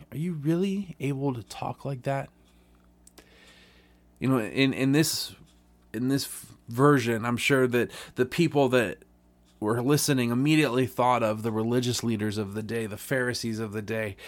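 A man reading a Bible parable aloud, then speaking earnestly about it in a conversational devotional podcast sermon, with frequent restarts. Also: mid-range voice. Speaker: podcast preacher.

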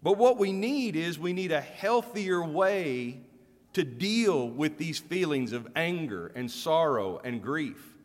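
A man's voice: on the high side, expressive, slow pace, big-room sound. A middle-aged man preaching a sermon as pastor, speaking candidly and conversationally, with self-deprecating humor and frequent restarts.

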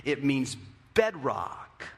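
A man preaching a sermon as pastor, animated, acting out the quotes in a raised voice. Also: mid-range voice, very slow, vocal fry, husky. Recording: hall with long reverb.

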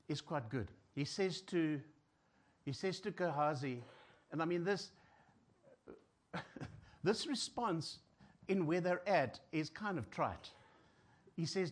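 A South African man preaching a sermon. He swings between loud, emphatic lines and hushed, near-whispered ones, and acts out the voices of people in despair. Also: sits high, expressive, a little slow, long pauses.

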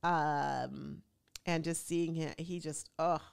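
A woman with a lowish voice and a lot of vocal fry chats casually as a show host. She tells a personal story with chatty, animated energy. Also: takes it slowly. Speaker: podcast host. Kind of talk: casual chat.

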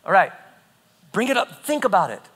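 A man preaching a sermon, emphatic and animated, often repeating phrases as he teaches. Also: sits high, normal speed, husky. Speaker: pastor.

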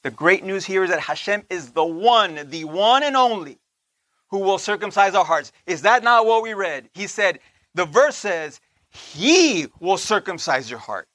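High, bright-voiced man preaching. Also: big pitch swings, dry recording. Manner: conversational, asks the listeners "right?" often; slows down to stress points, laughs between lines. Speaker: teacher of a Torah portion. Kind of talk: sermon.

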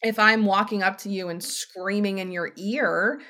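A woman's voice: mid-range voice, unhurried. Chatty woman podcaster. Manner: conversational, animated, often asks "right?". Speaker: podcast host. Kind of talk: casual solo podcast talk.

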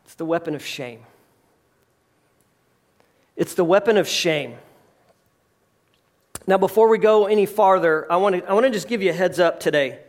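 A pastor preaching a sermon, telling a story with lively asides, jokes and acted-out quotes. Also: male voice, sits high, brisk, long pauses. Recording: live address to a congregation.

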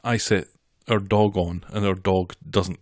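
A man's voice: deep voice, fairly even intonation, a little slow, dry recording. A man co-hosting a casual podcast chat, dry and bemused as he reacts. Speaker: podcast co-host.

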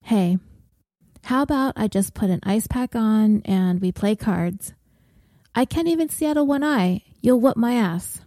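A woman voicing a wry, gruff troubled woman. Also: a little high, animated, measured pace, warm tone, no echo, clean studio sound. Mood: pleading. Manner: wry, gruff and self-mocking. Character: troubled blunt woman, prone to self-harm.

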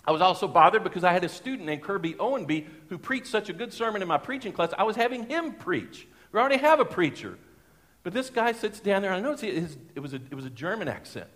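A middle-aged man, preaching a sermon as a pastor and telling a personal story in a lively, folksy way with chuckles. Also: high voice, fast talker, hardly any pauses. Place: church sanctuary. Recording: long church hall reverb.

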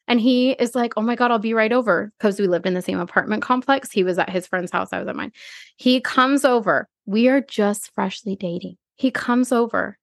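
Lively storytelling mom podcaster, woman. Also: medium pitch, normal speed, gravelly, no room sound, studio quality. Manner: animated storyteller, acts out her own gagging and quotes. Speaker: podcast co-host. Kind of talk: casual chat.

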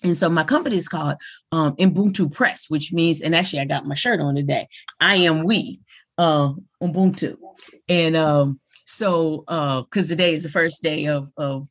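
Husky-voiced middle-aged woman hosting. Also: low voice, moderate pace. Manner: earnest, encouraging, storytelling. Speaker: podcast host. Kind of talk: casual interview conversation.

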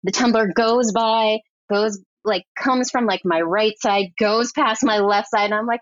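A woman editor telling a lively, chatty story as a podcast guest, peppering her talk with "like". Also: fairly high pitch, moderate pace, hardly any pauses, dry recording. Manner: animated, chatty, heavy use of "like". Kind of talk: casual storytelling interview. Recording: dry, slightly dull podcast audio.

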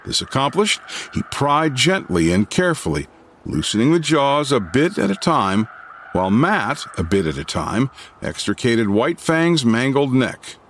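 A man reading a classic novel aloud as an audiobook narrator, expressive and dramatic. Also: medium pitch, unhurried, slight background noise.

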